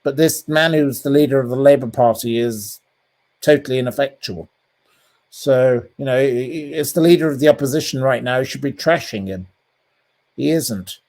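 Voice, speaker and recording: Over a call, a journalist from England offers harsh, frank views in his British accent, frequently saying um and restarting. His voice is medium-pitched and darkish, at a moderate pace.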